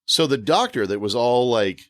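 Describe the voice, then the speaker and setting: A man telling a funny story as a podcast guest, animated and often laughing. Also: medium pitch, normal speed, no echo, studio quality. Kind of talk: casual storytelling.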